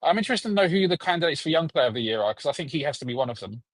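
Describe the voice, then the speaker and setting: A man chats quickly as a guest on a football podcast, pausing often to correct himself. His voice is slightly higher than average and sounds dry and close to the mic. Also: expressive, no echo, rough recording. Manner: quick, hesitant, many ums and restarts. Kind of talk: casual football podcast chat.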